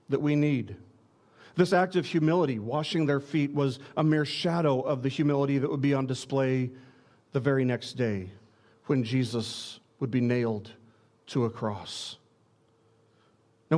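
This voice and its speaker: A man's mid-range, slightly mellow voice carries a pastor's sermon. Earnest and direct, he presses his points while often tripping over and restarting words.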